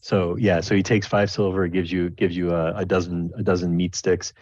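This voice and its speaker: A man's voice: sits low, flat delivery, moderate pace, a little mellow, no echo. A man narrating as game master of a tabletop game, rambling with many restarts. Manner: rambling, full of restarts and fillers, slips into character voices. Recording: dull, lo-fi dry recording.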